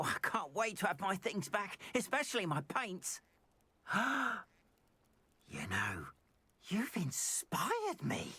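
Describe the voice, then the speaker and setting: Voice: medium pitch, breathy edge, no room sound, heavily acted. Arn, an eager goblin merchant. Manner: effusive, earnest, lively swoops. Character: grateful male goblin merchant and painter.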